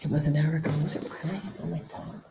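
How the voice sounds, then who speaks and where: A woman's voice: sits low, steady tone, very fast, vocal fry, very noisy. A woman chatting playfully and teasing her partner on a livestream. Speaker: co-host on a livestream. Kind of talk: casual chat. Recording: roomy echo.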